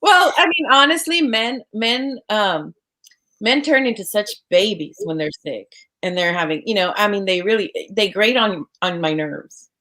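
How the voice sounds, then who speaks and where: A woman's voice: mid-range voice, lively intonation, moderate pace, sharp tone. A woman in casual chat among friends, blunt and outspoken.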